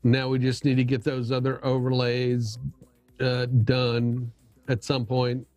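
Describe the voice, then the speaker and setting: A man's voice: medium pitch, monotone, takes it slowly, a little mellow, no echo, faint music behind. A middle-aged man hosting a casual livestream chat, rambling and poking fun at himself, with lots of restarts. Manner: rambling, self-deprecating, many restarts. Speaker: livestream host.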